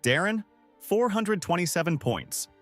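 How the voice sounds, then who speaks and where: A man voicing a young blonde woman teacher who loudly announces exam scores. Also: high voice, big pitch swings, a little slow, soft background music, pitched above the performer's own voice, exaggerated voice. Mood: announcing. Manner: loud official announcing.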